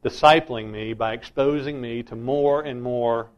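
Man, pastor, sermon, slow deliberate delivery, slightly dull lo-fi recording. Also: medium pitch. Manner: emphatic, insistent preaching.

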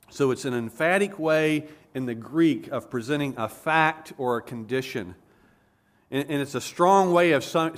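A man preaching an expository sermon, earnest and emphatic, pausing to explain and correcting himself as he goes. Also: mid-range voice.

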